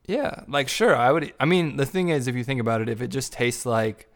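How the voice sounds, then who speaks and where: Man, playful podcast co-host, easygoing casual chat, mid-pitched. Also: lively intonation, brisk. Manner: playful, musing out loud.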